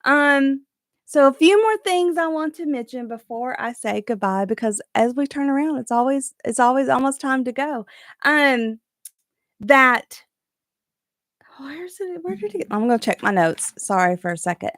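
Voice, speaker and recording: A woman's voice: high-pitched, normal speed, fairly bright tone, dry recording, studio quality. A woman hosting a live crochet chat from her craft room at home, chatty, rambling and encouraging.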